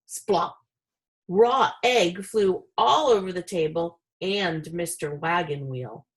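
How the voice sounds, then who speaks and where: A woman narrates a children's chapter book in an even, expressive reading voice. Her tone has a gravelly edge at a middle pitch. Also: poor audio. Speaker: reader. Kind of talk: storybook reading.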